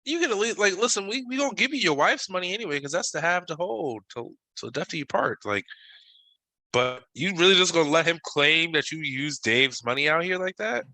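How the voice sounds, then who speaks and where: Animated, bright male co-host, teasing and profane, dry sound. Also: a little high, fairly quick, dry recording, rough recording. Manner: teasing, swears freely, animated. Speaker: podcast co-host. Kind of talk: casual chat.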